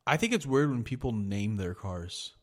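A man's voice: lowish voice, expressive. A young man co-hosting a podcast in casual chat, swearing often and laughing as he mimics people. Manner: profane, laughing, mimics people in quick asides. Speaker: podcast co-host.

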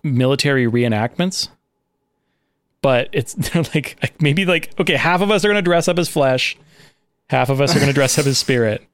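Brief: rambling male podcast host, mid pitch, deadpan dry sound. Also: normal speed, smooth, dry recording. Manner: joking, rambling, with frequent fillers. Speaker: podcast host presenting a slideshow. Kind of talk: casual comedic chat.

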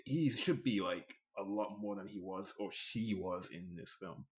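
A man co-hosting a casual film review chat, animated and laughing as he mimics scenes. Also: low voice, a little slow, a little hiss or hum. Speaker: podcast co-host.

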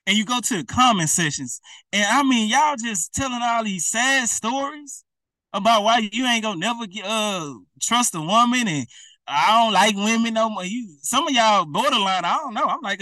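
Man preaching, high bright voice, dry room, a bit off mic. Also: lively intonation, moderate pace, dry recording, far from the mic. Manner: colloquial, repetitive, direct address. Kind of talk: informal preaching to camera.

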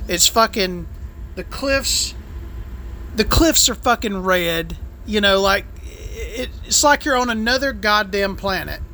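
A man's voice: sits high, bright, forceful tone, a little hiss or hum. A man telling a heated, crude, profanity-filled story about bad service as a food vlogger.

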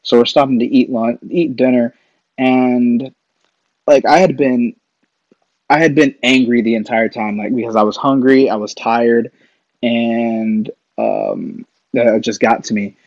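A man's voice: medium pitch, fairly even intonation, a little slow, darkish tone, no room sound. A man, a podcast guest, telling stories in a casual, rambling way, full of fillers and restarts. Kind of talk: casual storytelling. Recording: dull lo-fi dry sound.

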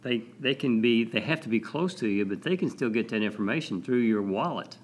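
A man co-hosting a podcast in a friendly, agreeable way, often chiming in with quick assents. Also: mid-range voice, animated. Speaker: podcast co-host. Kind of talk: casual chat.

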